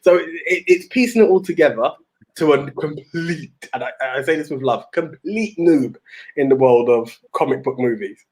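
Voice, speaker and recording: A young man co-hosting a podcast, telling stories in a rambling, animated way with many restarts. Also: mid-range voice, normal speed. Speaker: podcast co-host. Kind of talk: casual chat.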